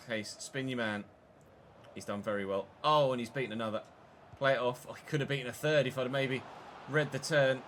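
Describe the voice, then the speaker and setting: A man giving casual, jokey let's-play commentary on his own football video game match, chatty and quick to get excited. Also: medium pitch, slight background noise. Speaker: gaming YouTuber.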